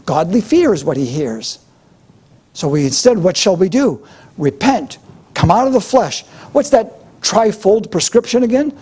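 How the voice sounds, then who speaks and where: A man's voice: sits high, very animated, measured pace, warm tone, husky. A middle-aged man preaching a sermon as pastor, with a fervent, repetitive preaching cadence.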